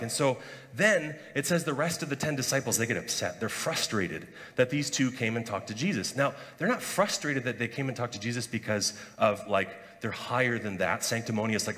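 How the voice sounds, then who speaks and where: Animated male pastor in a reverberant hall. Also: medium pitch, fairly quick. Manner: conversational, animated, acts out quoted voices. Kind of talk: sermon. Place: church sanctuary.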